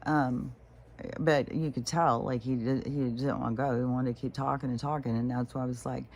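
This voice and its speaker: A woman's voice: rumbling low, fairly even intonation, moderate pace, a little mellow, a little hiss or hum. A woman talking casually in a meandering monologue, full of fillers and quoted asides, laughing often. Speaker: vlogger.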